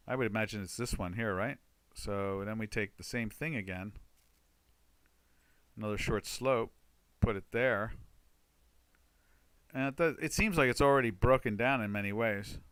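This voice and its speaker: A man's voice: fairly low pitch, a bit bright, clear, resonant tone, no echo. An older man hosting a trading webinar, chatting loosely about charts with many fillers and restarts. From United States. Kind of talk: casual market commentary over charts.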